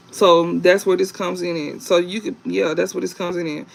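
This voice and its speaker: A man giving a casual tarot reading to viewers, rambling and halting with many fillers and restarts, and reading card meanings aloud. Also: sits high, flat delivery, gravelly, a little hiss or hum, rough recording. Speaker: tarot reader.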